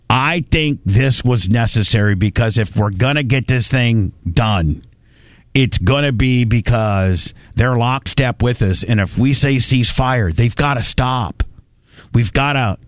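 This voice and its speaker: A man's voice: medium pitch, no room sound, clean studio sound. A man hosting a radio talk show, rambling and mocking in a blunt, casual way.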